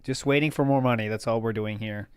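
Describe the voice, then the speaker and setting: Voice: medium pitch, quick pace, clean tone, no echo. A co-host making sarcastic, mocking remarks in casual chat.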